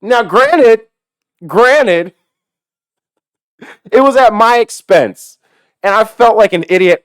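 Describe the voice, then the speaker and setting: Foul-mouthed man ranting with lively swings. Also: very high voice, slow pace, pauses often, no room sound, studio quality. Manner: swears constantly, animated, laughs at his own story. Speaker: delivery driver. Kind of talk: profane storytelling rant.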